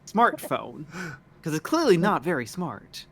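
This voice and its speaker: A man's voice: on the high side, sing-song, a little slow, vocal fry, sharp tone, slight background noise. A man streaming with friends who stammers through his banter and reads a passage aloud in a theatrical way. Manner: stammering restarts in banter, theatrical when reading. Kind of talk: casual stream chat and dramatic read-aloud.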